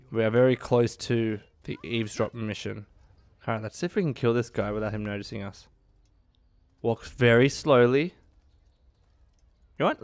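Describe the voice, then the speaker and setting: A young man giving excitable, swearing let's play commentary, laughing often. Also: lowish voice. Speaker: gaming youtuber.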